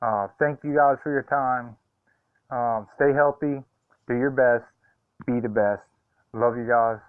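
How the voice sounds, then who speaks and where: A man's voice: mid-range voice, steady tone, measured pace, clear, resonant tone, dry recording. A man talking casually to his viewers in a hesitant, heartfelt way, with many ums and uhs. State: choked up. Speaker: vlogger. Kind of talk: casual vlog talk. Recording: tinny phone-like sound.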